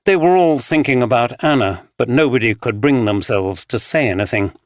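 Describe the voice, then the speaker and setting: A man reads a mystery audiobook in a measured, even way. His voice sits at medium pitch, and the studio sound is dry and close, with no room echo. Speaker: audiobook narrator. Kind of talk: scripted narration.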